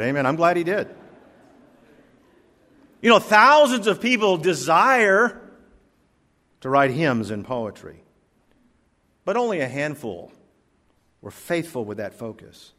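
A man preaching a sermon, telling stories with big swings between loud emphatic lines and quiet asides, slowing down to stress key words. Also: lively intonation. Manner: storytelling preacher with wide swings in pitch and volume, slowing for emphasis. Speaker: pastor. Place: church sanctuary. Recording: reverberant hall.

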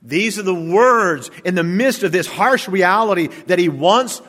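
Male pastor, fairly high voice for a man, emphatic sermon delivery with rhetorical questions, long hall reverb. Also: expressive, unhurried. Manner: emphatic preaching with rhetorical questions and big swings in loudness.

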